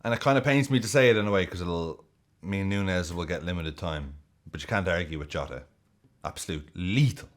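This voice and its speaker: A man hosting a football video, giving jokey, excitable and sweary casual commentary. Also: sits low, a little fast.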